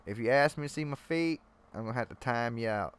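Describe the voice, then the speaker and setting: A man's voice: mid-range voice, fast, clean tone. A young man hosting a live chat stream, joking and rambling in loose, slangy talk to his viewers.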